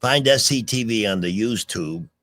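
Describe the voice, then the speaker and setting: A man's voice: lowish voice, lively intonation, moderate pace, a bit bright. A man co-hosting a radio talk show, chatting casually with callers and his co-host and joking along. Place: radio studio.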